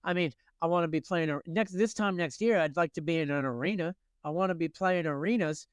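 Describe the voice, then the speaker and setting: A man putting on a rough British accent to impersonate a cocky male rock frontman. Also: on the high side, fairly quick, no echo, lightly acted. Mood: boastful. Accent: put-on British. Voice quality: self-admittedly rough impression.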